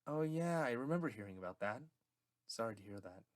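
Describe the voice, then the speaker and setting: A man's voice: mid-range voice, lively intonation, fairly quick, close to an everyday voice. A man voicing a blunt, curious young woman student in an amateur audiobook, asking short abrupt questions.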